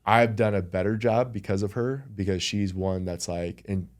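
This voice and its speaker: Deep-voiced man, earnest and reflective. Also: steady tone, moderate pace, a little mellow. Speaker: podcast guest. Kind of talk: casual conversation.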